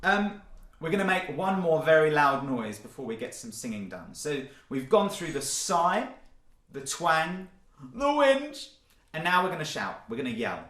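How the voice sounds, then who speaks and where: A man coaches a group through vocal warm-ups, upbeat and encouraging, demonstrating each sound with loud whoops and yells. His voice is bright and full of lively swoops in pitch. The room around him is echoey. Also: moderate pace. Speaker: singing workshop leader. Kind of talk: online vocal warm-up session.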